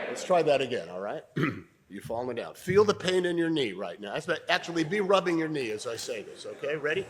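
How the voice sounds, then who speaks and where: An older man giving an audience an acting exercise, coaching them and trying out lines in different tones, often clearing his throat. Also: mid-range voice, big pitch swings, brisk, a little hiss or hum. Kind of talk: interactive acting lesson in a lecture. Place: university debating hall.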